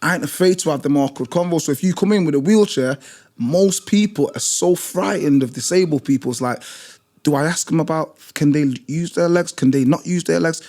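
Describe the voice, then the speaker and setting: A British gym instructor talks in an emphatic, blunt way, hammering points home by repeating them. His voice sits a little higher than most men's. He tells his stories with drive and conviction. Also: a little fast, darkish tone. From Britain. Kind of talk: passionate storytelling in conversation.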